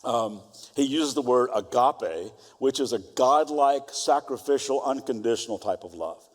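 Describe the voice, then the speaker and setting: A middle-aged man preaching a sermon as pastor, moving between fervent exhortation and quiet storytelling. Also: mid-range voice, lively intonation, measured pace. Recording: long hall reverb.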